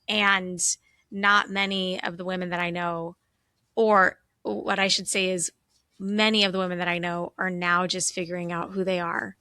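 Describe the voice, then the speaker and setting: A woman in her forties hosts a podcast in a bright, forceful voice. The sound is dry and close, and she speaks in full, heartfelt, affirming sentences to her guest. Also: fairly low pitch, level tone, moderate pace, clear, resonant tone, dry recording. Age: 40s. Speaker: podcast host. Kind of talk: podcast interview.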